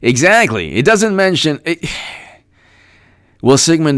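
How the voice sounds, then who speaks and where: A man running a political livestream, reading out chat names and piling on sarcasm. His pitch sits in an ordinary middle range, and the sound is dry and close with no room echo. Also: huge pitch swings, a little slow, pauses often. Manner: sarcastic, mocking, shifts into loud shouted shout-outs. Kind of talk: livestream commentary.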